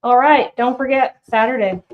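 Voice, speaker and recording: A shop owner hosts a live DIY painting demo, speaking in a slightly high voice at a moderate pace through narrow, tinny audio. She keeps it chatty and upbeat, addressing her viewers directly and calling them by name as she crafts.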